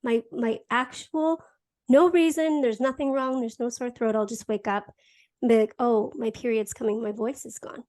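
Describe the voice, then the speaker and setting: Woman host, slightly high voice, candid, laughs a lot, casual chat. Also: steady tone, a little mellow. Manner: candid, laughs often, halting restarts. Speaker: podcast host. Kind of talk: casual conversation.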